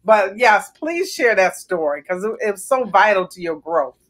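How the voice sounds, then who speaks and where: A woman hosts a podcast interview over a video call. She chats casually and reassures her guest, filling pauses with "um". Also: medium pitch, lively intonation, fairly bright tone. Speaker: podcast host.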